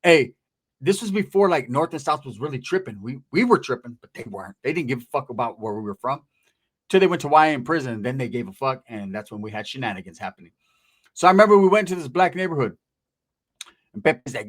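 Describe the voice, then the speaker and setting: A man's voice: medium pitch, big pitch swings, fast, a bit bright, slightly rough. A man from Northern California telling a story casually, in profane, streetwise slang.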